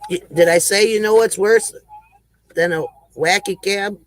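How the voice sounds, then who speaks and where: A man's voice: high-pitched, measured pace, low-quality recording. A man hosting a casual livestream joke segment, folksy and rambling, chuckling between lines.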